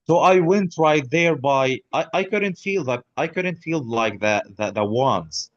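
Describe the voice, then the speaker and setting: A man, a podcast guest telling his own story in halting speech full of restarts and blunt swearing. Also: fairly high pitch, animated, no echo, lo-fi sound. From Gaza. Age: 30s. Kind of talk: personal account in an interview.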